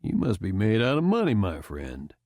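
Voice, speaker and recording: A man's voice: lowish voice, huge pitch swings, normal speed, a little mellow, dry recording, clean studio sound. A man voicing a wry, easygoing middle-aged base commander.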